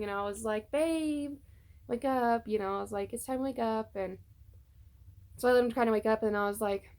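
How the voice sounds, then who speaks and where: A young woman tells a personal story to her phone camera at home, rambling with lots of fillers. Her voice has a noticeable gravelly fry, and at times she turns tearful. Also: a little high, a little mellow. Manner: chatty storytelling with many fillers. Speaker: vlogger. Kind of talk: casual personal vlog. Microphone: phone on a tripod.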